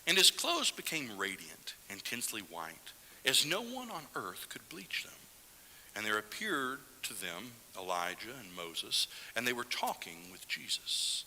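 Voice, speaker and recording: In a church sanctuary, a man delivers a Sunday sermon with a lively, swooping style and a bright, forceful edge, sometimes dropping to a hushed whisper for emphasis. His fairly low voice moves a little slowly, carrying the long reverb of the hall along with a touch of hiss or hum.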